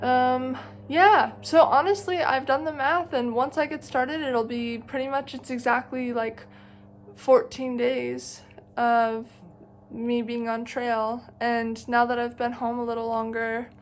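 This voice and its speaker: A woman's voice: fairly high pitch, fairly even intonation, unhurried, a little hiss or hum. A young woman vlogging about her long-distance hike, talking in a thoughtful, rambling way full of "like" and "you know". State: emotional, near tears. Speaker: thru-hiker vlogger. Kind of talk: reflective casual vlog.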